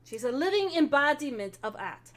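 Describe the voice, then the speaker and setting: A woman running a tabletop role-playing game as game master, explaining at length in an animated way. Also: high-pitched, moderate pace.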